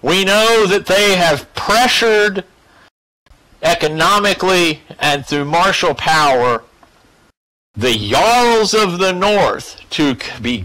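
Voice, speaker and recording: A man lecturing a class in a casual, swearing style. His voice is fairly high and bright, and it swings widely in pitch as he lays out his points slowly. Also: poor audio. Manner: profane, animated and emphatic. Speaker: class teacher.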